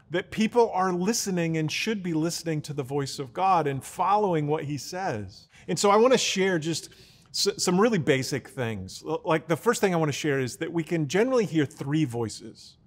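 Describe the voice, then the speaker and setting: A man's voice: fairly high pitch, in a large hall. A man preaching a teaching sermon in an earnest, explaining way, often restarting his words. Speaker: pastor.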